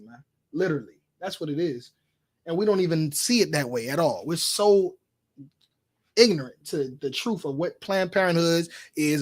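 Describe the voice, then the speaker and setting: High-voiced man preaching hard. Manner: preachy, repeats "you understand?". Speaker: street preacher. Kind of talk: preaching history class.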